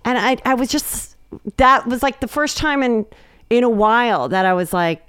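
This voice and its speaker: Smooth-voiced chatty woman comedian. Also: moderate pace, a bit bright, no room sound, clean studio sound. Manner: chatty, acts out quotes in a higher voice. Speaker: comedian guest. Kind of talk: casual chat, storytelling.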